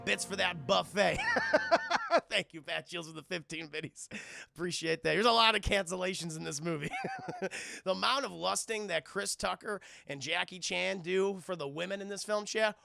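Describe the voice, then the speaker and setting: A man streaming a casual film review to a live chat. He retells scenes in a profane, animated way. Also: high voice, normal speed, vocal fry, no room sound, clean studio sound, soft background music.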